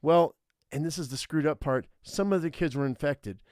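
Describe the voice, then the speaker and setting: A man's voice: fairly high pitch, normal speed, darkish tone, dry recording, studio quality, natural voice. A man voicing an earnest, brave teenage boy in an interactive horror story, speaking urgently. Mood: grim.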